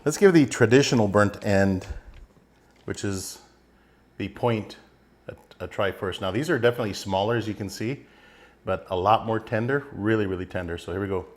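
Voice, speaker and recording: A middle-aged man hosting a casual barbecue cooking video, chatting relaxed while he handles and tastes the food. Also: lowish voice, normal speed. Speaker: barbecue channel host.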